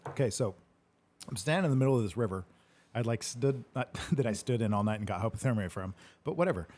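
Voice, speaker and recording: A man's voice: medium pitch, animated, fast talker, darkish tone, slight background noise. A man hosting a casual question-and-answer chat, rambling through a story, laughing often and swearing casually. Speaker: host answering live questions.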